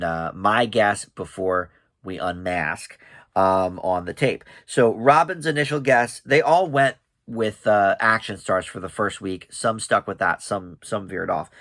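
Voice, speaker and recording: Male reaction host, low-ish voice, rambling recap style, dry sound. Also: fairly bright tone, no echo. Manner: chatty, hesitant with many ums and restarts. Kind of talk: casual recap commentary.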